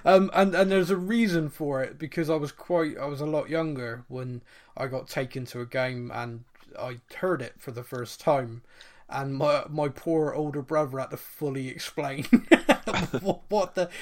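A man's voice: a little high, normal speed. A man co-hosting a podcast in casual chat, rambling and laughing at himself. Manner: rambling, laughing, self-deprecating. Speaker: podcast co-host.

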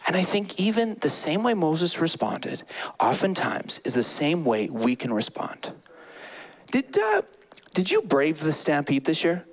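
A man's voice: on the high side, a little slow. A man in his thirties preaching a sermon, telling stories with animation and acting out the people in them. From Canada. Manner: animated storytelling, acts out quoted people. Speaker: pastor.

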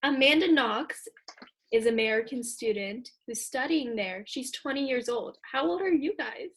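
A teenage girl co-hosts a podcast in a slightly high, breathy voice. She tells the story in a chatty, giggly way and often checks in with her guest. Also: animated, normal speed, fairly bright tone. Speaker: podcast co-host. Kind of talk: casual chat.

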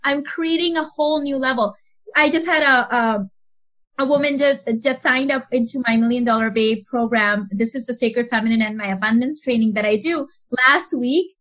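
A woman speaking as a mentor guest in a podcast interview, animated, acting out other people's voices and laughing often. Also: a little high, normal speed.

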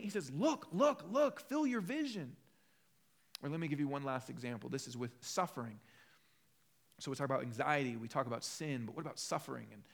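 A man preaching a sermon as pastor, passionate, swinging from loud emphatic peaks to low conversational asides.

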